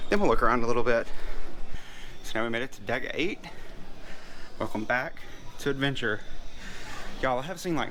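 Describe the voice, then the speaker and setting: A man, vlogging his cruise. He talks casually and gushes with breathless excitement, and sometimes he runs out of breath while walking. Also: medium pitch, slight background noise. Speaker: travel vlogger. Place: outdoors on a pier, then a cruise ship.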